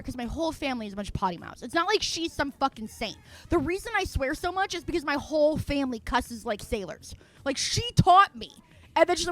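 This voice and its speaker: A young woman streamer telling a story in casual chat, animated and foul-mouthed, acting out her own quotes and laughing often. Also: high-pitched, fairly quick, no room sound.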